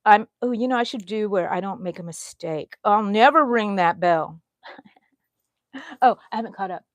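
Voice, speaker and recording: Crocheting live from her home, a middle-aged host chats with viewers, reads their comments aloud, and yawns frequently. She speaks at normal speed in a mid-range voice, with no room sound.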